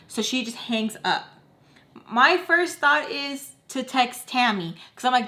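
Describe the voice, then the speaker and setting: A woman's voice: fairly high pitch, unhurried, sharp tone. A young woman telling a personal storytime in a casual, emotional way, full of fillers like "like" and acting out what others said. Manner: filler-heavy, emotional, quotes others' voices. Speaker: storytime vlogger.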